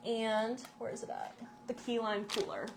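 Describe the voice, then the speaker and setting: A woman's voice: fairly high pitch, lively intonation, normal speed, creaky, over music. Chatty woman presenting products. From Nebraska, USA. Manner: chatty, laughs often. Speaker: store owner presenting products. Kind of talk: casual product chat.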